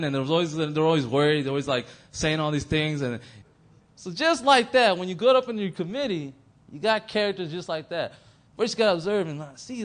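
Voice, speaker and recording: A young man leading a youth bible study, joking and animated as he teaches. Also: high voice. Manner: animated, joking, breaks into sung and mimicked bits. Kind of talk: lively youth group teaching.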